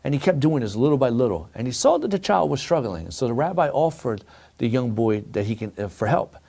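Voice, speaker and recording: Middle-aged man, rabbi giving a sermon, animated storyteller, mid-range voice. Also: mid-range voice, brisk, creaky. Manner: animated preaching, addresses listeners as friends. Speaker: rabbi teaching a weekly Torah lesson.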